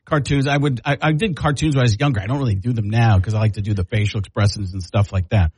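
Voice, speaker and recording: A man's voice: on the low side, fast, darkish tone, husky, no echo. A man, a comedian and impressionist, chatting casually in an interview, rambling with restarts. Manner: rambling, with restarts, slipping into voices.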